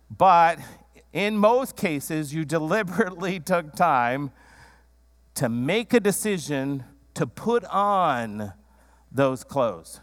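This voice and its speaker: A man preaching a sermon in a conversational way, with frequent "um" fillers, acting out quoted voices and dropping low and slow to show a calm tone. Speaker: pastor.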